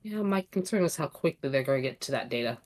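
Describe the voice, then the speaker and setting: A woman's voice: very deep voice, animated, fast, a little mellow. A woman playing in a tabletop role-playing game, with a wry, skeptical way of talking. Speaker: player.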